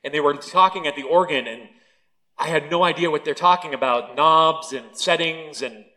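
A man's voice: on the high side, normal speed, bright, forceful tone, rough recording. Man preaching a casual sermon. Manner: conversational preaching with family anecdotes. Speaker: pastor.

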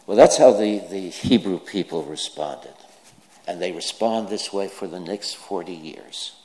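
A man's voice: deep voice, measured pace, dark tone. A man preaching a sermon, telling jokes and stories and acting out the quoted lines. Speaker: pastor. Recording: reverberant hall.

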